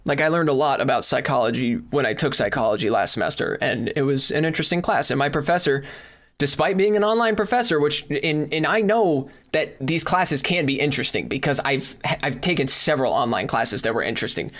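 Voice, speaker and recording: A man's voice: mid-range voice, animated, a little fast, fairly bright tone. A young man on a podcast ranting in exasperation, swearing heavily as he complains in casual chat. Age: young adult. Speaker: podcast co-host. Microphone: far from the mic at times.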